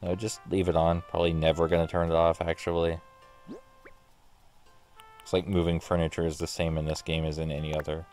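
A man with a very deep voice rambles through a casual let's play commentary. He talks in a sarcastic, offhand way and swears freely, with faint music under him. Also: monotone, brisk, long pauses, a little mellow. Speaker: gaming streamer.

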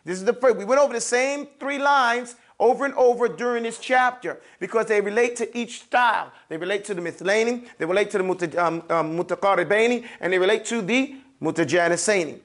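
A high-pitched, slightly bright male voice guides a classroom lesson in Quran recitation. He patiently says the sounds slowly over and over, checking in with his listeners often.

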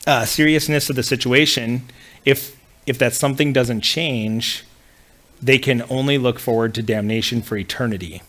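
A man's voice: medium pitch, fairly even intonation, moderate pace, fairly bright tone. Man teaching a church class. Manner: conversational, with frequent fillers and restarts. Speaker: pastor.

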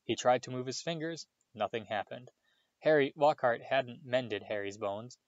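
A man's voice: mid-range voice, normal speed, no echo. Man reading a novel aloud, dry and dull. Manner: steady storytelling with small slips. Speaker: audiobook reader.

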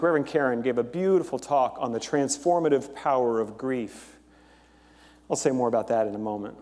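A male pastor giving a sermon in a church, chatty and animated, with fillers as he tells a joke and lays out his points. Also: on the high side. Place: large church sanctuary. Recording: long hall reverb.

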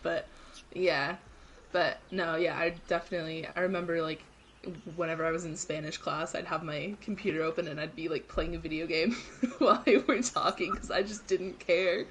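A woman's voice: lowish voice, steady tone, normal speed, fairly bright tone. Chatty young woman with faint background noise. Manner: chatty, uses "like" a lot. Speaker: co-host. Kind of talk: casual live-stream chat.

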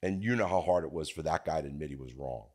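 A middle-aged filmmaker guest in a casual conversation, talking in halting starts that turn emphatic. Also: male voice, a bass voice, a little mellow. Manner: halting, restarts often, then emphatic.

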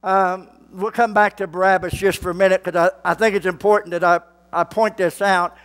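A male pastor, preaching a sermon slowly and building to fervent shouts. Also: high voice, level tone.

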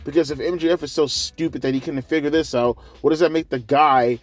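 A man's voice: a little high, steady tone, a little fast. Exasperated, sarcastic man ranting. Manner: sarcastic, exasperated, heavy swearing. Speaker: wrestling show reviewer. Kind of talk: profane ranting review.

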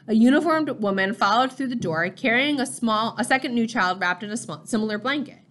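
A woman reading a novel chapter aloud in a steady, measured way. Her voice sits a little above the usual range for a woman. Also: fairly high pitch. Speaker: audiobook reader. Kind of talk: novel narration.

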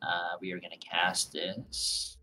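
A man's voice: sits low, completely flat delivery, takes it slowly, bright, forceful tone. A man playing a tabletop game who jokes, swears and talks through his character's moves. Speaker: player.

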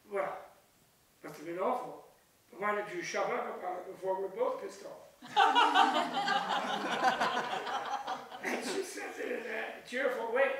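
Recorded from a distance in an echoey retreat hall with faint hiss, an older man teaches Buddhism in a casual, digressive way. He's chatty and laughs at his own jokes, his voice high-pitched and a bit bright.

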